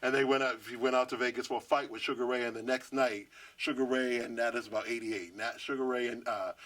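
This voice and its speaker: A man in his fifties from Washington, D.C., telling stories in an interview with animated energy. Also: mid-range voice, quick pace. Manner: lively storyteller, acts out quoted voices. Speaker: guest artist.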